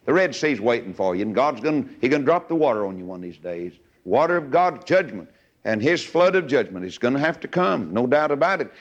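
Folksy preacher, dull lo-fi sound. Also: male voice, mid-range voice, big pitch swings, fairly quick. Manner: folksy storytelling, acting out voices. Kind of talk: sermon. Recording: dull lo-fi recording.

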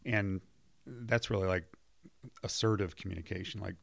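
Man, very deep voice, gravelly, marriage counselor, earnest and affirming, dry close sound. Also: moderate pace, no echo. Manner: earnest, affirming, many back-channel hums. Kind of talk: conversational podcast discussion.

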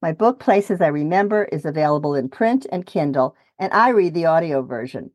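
A woman with a lowish voice hosts a podcast interview. She gives brief reactions and then reads a smooth outro. The sound is dry and close. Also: animated, normal speed, darkish tone, no room sound, lo-fi sound. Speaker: podcast host.

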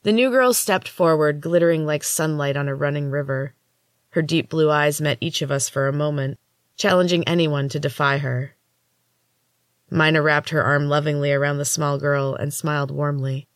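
A woman hosting a storytelling podcast, reading a first-person novel in measured, expressive narration. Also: low-pitched, no echo.

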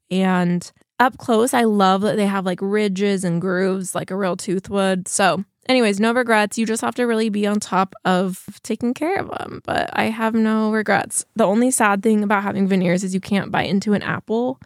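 A woman's voice: medium pitch, no room sound, clean studio sound. Chatty woman in her thirties. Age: 30s. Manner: chatty, rambling, heavy use of "like". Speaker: vlogger. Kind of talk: casual chat to viewers.

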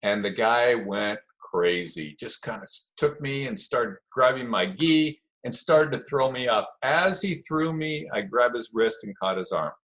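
A middle-aged man telling a story in a relaxed, chatty way, acting out the voices of the people in it. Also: medium pitch, measured pace, hardly any pauses. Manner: animated storyteller, acts out quoted voices. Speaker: guest telling stories of early jiu-jitsu. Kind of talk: casual storytelling.

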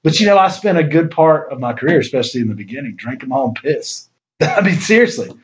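A man's voice: medium pitch, lively intonation, fast. A man in casual podcast chat who rambles, laughs often and says "dude" a lot. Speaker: podcast guest author. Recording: dull lo-fi sound.

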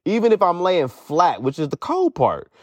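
Profane rambling young man, slightly high voice. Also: huge pitch swings, normal speed, a little mellow, no echo. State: in pain from a foot injury. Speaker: podcast host. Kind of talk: casual podcast monologue. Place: sitting outdoors at home.

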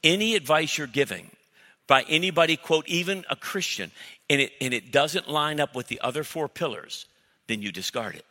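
A middle-aged male pastor preaches with a very bright, cutting voice that rings through a reverberant church hall. His delivery is blunt and emphatic, punching out lines and firing off mock arguments. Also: a little high, expressive, normal speed. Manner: emphatic, blunt preaching with sudden loud mock-dialogue bursts. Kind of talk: sermon.

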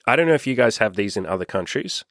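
A man's voice: lowish voice, expressive, fast talker, fairly bright tone, dry recording, clean studio sound. A young Australian man coaching in a blunt, profane, casual monologue. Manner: blunt, profane, repetitive emphasis. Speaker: self-help coach.

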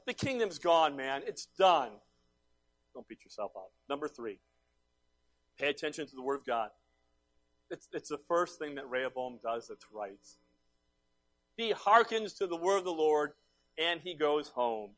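Middle-aged pastor guy, high voice, preaching hard then dropping real quiet, repeats himself a lot. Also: big pitch swings, a little slow, pauses often. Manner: emphatic and repetitive, swinging between loud exhortation and hushed asides. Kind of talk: sermon.

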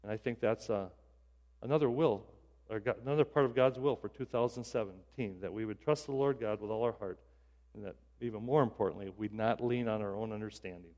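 A man's voice: lowish voice, fairly quick, a little mellow, long reverb tail, muffled recording. A male pastor giving a sermon in a casual, conversational way, often restarting his sentences. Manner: conversational, self-deprecating, with repeated restarts.

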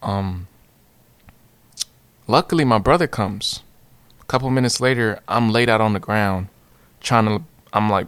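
A young man telling a personal story in a casual, slangy, animated way, repeating phrases. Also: medium pitch, normal speed, dry recording.

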